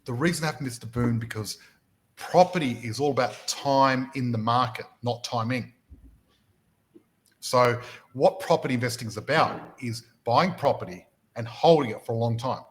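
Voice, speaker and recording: A man of medium pitch talks at a normal speed on a rough recording. Hosting his motivational podcast as a property mentor, he narrates stories energetically, frequently repeating words as he restarts his sentences.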